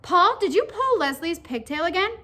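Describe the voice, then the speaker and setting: A woman's voice: very high-pitched, sing-song, normal speed, sharp tone, voice pushed up, full character voice. A woman voicing a stern female kindergarten teacher in a storybook reading.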